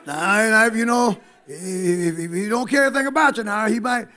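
Male preacher, high-pitched, emphatic, engages the congregation, church sermon. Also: a little fast, pushed and bright.

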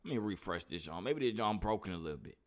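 Animated slangy man reacting to a clip. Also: on the low side, fast. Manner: slangy, animated, mocking, repeats "you know what I'm saying". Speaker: reaction video host. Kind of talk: casual reaction commentary.

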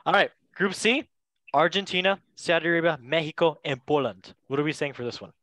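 A young man hosting a casual football podcast, playful and quick to laugh, with goofy asides. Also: fairly high pitch, bright, forceful tone, dry recording. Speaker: podcast host.

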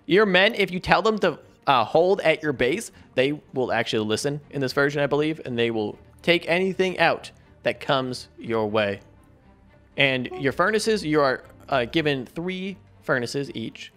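Excitable, chatty gaming host. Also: male voice, a little high, normal speed, soft background music. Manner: excitable, chatty, frequent laughs. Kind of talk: casual gameplay chat.

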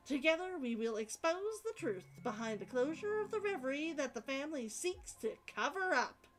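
An earnest reporter woman, as a woman puts her on, lays out her scoop in a formal, conspiratorial way. The voice sits high and swoops around a lot, with faint game music underneath. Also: sing-song, normal speed, rough recording. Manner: formal, conspiratorial announcer delivery. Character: earnest female investigative reporter pitching a scoop. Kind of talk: reading game dialogue aloud.

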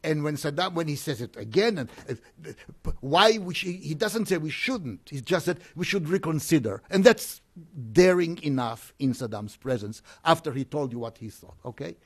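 Man presenting at an academic conference, voice a touch high, stop-start delivery full of restarts. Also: animated, breathy edge. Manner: halting, with frequent hesitations and restarts. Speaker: conference speaker.

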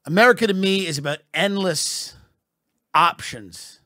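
Mock-solemn higher-pitched man, slow. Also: no room sound, clean studio sound. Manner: deadpan mock-patriotic, breaks into laughter. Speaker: podcast host. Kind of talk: satirical comedy monologue.

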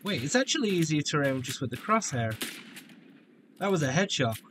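A man's voice: a little high, big pitch swings, fairly quick, background noise. A man hosting a gaming video, joking and playful as he comments on his play. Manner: joking, playful, with silly voices and outbursts.

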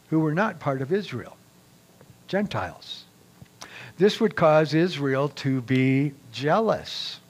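Slow, deliberate male preacher. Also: fairly high pitch. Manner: reads scripture aloud with raised emphasis. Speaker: pastor. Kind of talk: sermon.

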